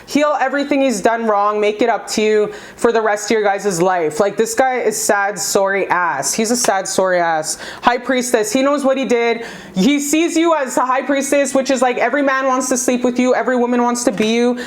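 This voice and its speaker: A young woman doing a pick-a-card tarot reading, her voice sitting a little high. She gushes and talks in slang, swears freely and speaks straight to her viewers as "you guys.". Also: moderate pace. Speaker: tarot reader.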